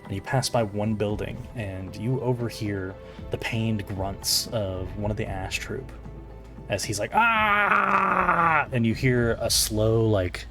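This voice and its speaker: Male game master, relaxed descriptive narration, low-ish voice. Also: measured pace, soft background music.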